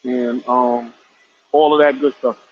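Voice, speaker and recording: A man's voice: medium pitch, little pitch movement, a little slow, no room sound, dull audio. A man co-hosting a sports podcast from a remote call, joking in a laid-back way. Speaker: podcast co-host. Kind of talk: casual sports podcast chat.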